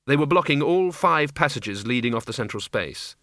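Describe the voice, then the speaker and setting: Guy reading an audiobook, lively ups and downs, dead dry close mic. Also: mid-range voice, moderate pace, no room sound. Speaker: audiobook narrator. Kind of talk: audiobook narration.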